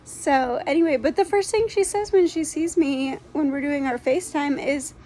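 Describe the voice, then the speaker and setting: A woman's voice: high-pitched, moderate pace, warm tone, slight background noise. Congested woman rambling through a rescue update. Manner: rambling, many ums and restarts. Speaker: dog rescue organizer. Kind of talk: casual spoken update to followers.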